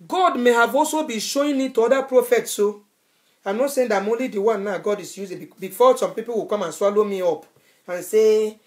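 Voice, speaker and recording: A woman's voice: mid-range voice, a little fast, darkish tone. A woman evangelist delivers a sermon with fervour. She repeats phrases again and again for emphasis, pressing her warnings on the listener. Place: Europe.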